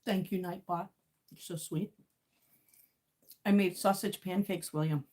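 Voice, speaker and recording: A woman's voice: lowish voice, steady tone, a little slow, long pauses, darkish tone. A woman hosting a casual livestream, chatting and greeting viewers while eating. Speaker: livestream host.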